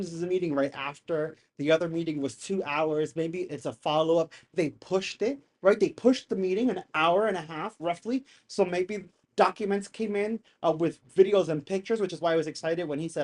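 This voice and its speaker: Exasperated, slangy live streamer. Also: medium pitch. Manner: animated and exasperated, slangy, swears often; rambling, restarts sentences. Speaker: streamer reacting to a hearing. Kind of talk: casual live-stream commentary.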